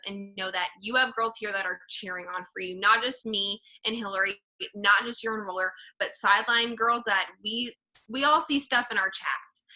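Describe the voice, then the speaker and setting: Earnest woman pepping up her team, super bright voice, lots of "like". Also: medium pitch, low-quality recording. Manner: earnest, encouraging, many "like" fillers. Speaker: team leader. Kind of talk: motivational team talk.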